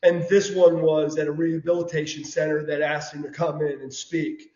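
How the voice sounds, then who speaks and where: A man, telling stories casually as an interview guest, animated and prone to repeating words. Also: on the high side, normal speed. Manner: animated storyteller, says "brother", repeats words. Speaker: guest, former wrestler. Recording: dull lo-fi audio in an echoey room.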